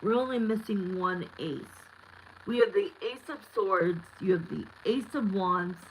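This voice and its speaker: A woman's voice: mid-range voice, measured pace, a little hiss or hum, poor audio. A woman in her thirties giving a live tarot reading, talking candidly and bluntly with lots of fillers. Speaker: tarot reader.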